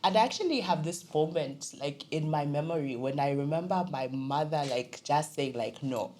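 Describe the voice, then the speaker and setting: A young Zambian woman, a podcast guest, telling personal stories with lively quoted voices in casual conversation. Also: sits low, normal speed, a little hiss or hum. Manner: animated storytelling, quoting family in other voices.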